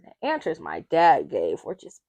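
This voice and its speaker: A woman's voice: very deep voice, measured pace. Young woman from atlanta, chatty guest, does everyone's voices when she tells a story. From Atlanta, Georgia. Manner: animated, acts out family members' voices. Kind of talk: casual storytelling.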